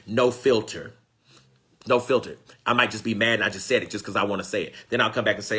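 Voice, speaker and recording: This spiritual teacher talks fast in a lowish, slightly rough voice that is sharp but steady in tone. Preaching fervently, he calls out to his listeners call-and-response style, repeats phrases for emphasis, and exclaims and pleads to God.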